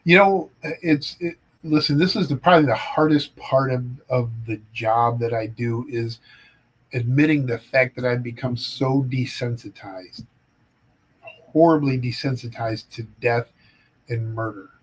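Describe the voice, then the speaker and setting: A middle-aged man from Ohio spins casual anecdotes with a dry, dark sense of humor. His voice sits in an ordinary middle register, and he talks like a guest who is easy in front of a live audience. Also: medium pitch, unhurried, slightly rough, low-quality recording. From Ohio, United States. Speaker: forensic psychologist guest. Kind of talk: casual storytelling chat.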